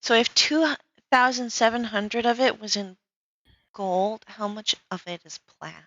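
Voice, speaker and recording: Bright-voiced woman, halting. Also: fairly high pitch, no room sound, lo-fi sound. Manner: halting, stammering. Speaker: player. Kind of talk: tabletop game chat.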